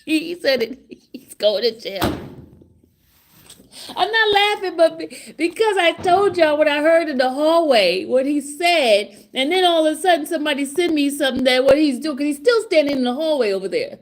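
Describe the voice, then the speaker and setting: Middle-aged woman, excited chatty vlogger, laughing often, somewhat high voice. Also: brisk, hardly any pauses. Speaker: trial vlogger. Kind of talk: casual vlog commentary. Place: outside a courtroom, hallway area.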